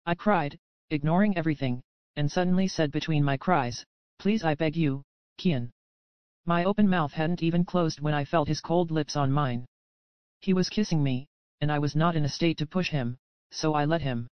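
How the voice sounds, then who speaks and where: Smooth-voiced woman audiobook narrator. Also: deep voice, moderate pace, no room sound, dull audio. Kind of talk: scripted first-person audiobook narration.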